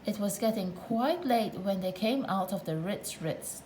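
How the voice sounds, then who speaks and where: A woman's voice: mid-range voice, expressive, a little slow, warm tone, slight background noise, poor audio. A woman narrating a children's storybook aloud, with playful asides to the listener.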